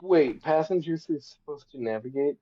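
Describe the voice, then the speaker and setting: A man's voice: fairly high pitch, moderate pace, warm tone, no room sound, muffled recording. A man playing a tabletop game, making dry, wry remarks. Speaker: player. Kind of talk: casual chat at a game table.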